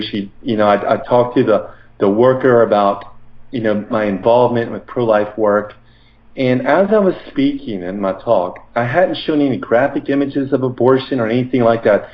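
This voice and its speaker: A man speaks as a podcast guest, earnestly recounting events in a conversational, filler-heavy way. His voice sits at a middle pitch. The recording is roomy and slightly muffled, with the top end rolled off. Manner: earnest, animated retelling with many fillers. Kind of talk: conversational interview storytelling.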